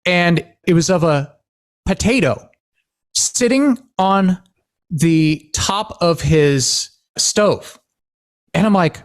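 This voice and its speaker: A man from Washington State hosts a casual podcast, his fairly high voice swinging up and down as he tells stories. He acts out the dialogue and fills gaps with lots of "like" and "uh". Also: slow pace. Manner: animated storyteller, acts out quoted dialogue, many fillers. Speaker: podcast host.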